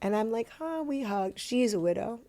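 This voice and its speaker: A middle-aged actress chatting as a podcast guest, self-deprecating and lively, slipping into voices as she tells stories. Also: mid-range voice, moderate pace. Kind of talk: casual interview chat.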